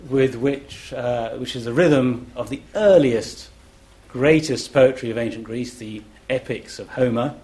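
A man speaking as a classics scholar on a festival panel, explaining in a measured, demonstrative way and chanting rhythms aloud to show them. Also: medium pitch, darkish tone. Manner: measured and deliberate. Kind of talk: explanatory public talk.

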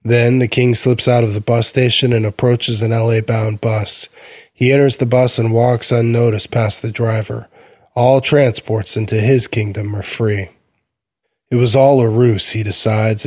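A man narrating a fantasy short story in a measured reading voice. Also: on the low side, little pitch movement, darkish tone, no echo. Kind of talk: scripted fiction reading.

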